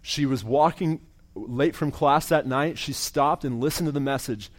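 A man's voice: mid-range voice, normal speed. Earnest young man preaching a sermon. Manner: earnest, restarts phrases, trails off quietly at sentence ends. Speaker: campus minister and preacher. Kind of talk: testimony-style sermon.

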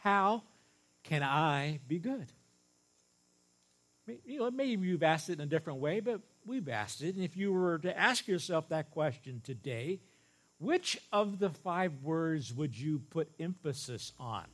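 A man's voice: on the high side, normal speed. A male pastor preaching a sermon to a live congregation, stressing single words hard and addressing the room directly. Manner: animated, leaning hard on single words for emphasis; speaks directly to the congregation with light laughs. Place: church service before a congregation.

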